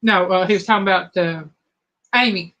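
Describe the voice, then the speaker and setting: A woman hosting a live trivia chat. Her voice is hoarse, and she talks casually while reading out viewers' answers. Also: on the low side, fairly even intonation, normal speed, a bit bright. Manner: chatty, reads out viewers' answers.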